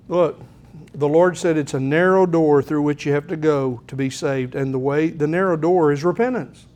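Middle-aged pastor, man, folksy and earnest, somewhat high-pitched. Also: normal speed, darkish tone. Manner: folksy, earnest, clears throat often. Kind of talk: sermon.

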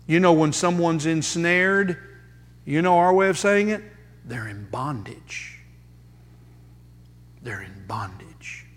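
Male pastor, high voice, slow and emphatic delivery, long hall reverb behind him. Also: fairly bright tone. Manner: emphatic preaching with dramatic pauses and rhetorical questions. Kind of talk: sermon.

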